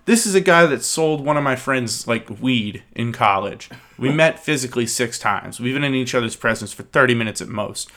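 A man's voice: medium pitch, lively intonation, moderate pace, hardly any pauses, bright, forceful tone. Ranting profane young man. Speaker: podcast host. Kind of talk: casual podcast chat.

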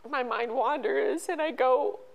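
A middle-aged woman telling a personal story as an interview guest, halting and emotional, with many restarts. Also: sits high, highs cut off. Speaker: podcast guest.

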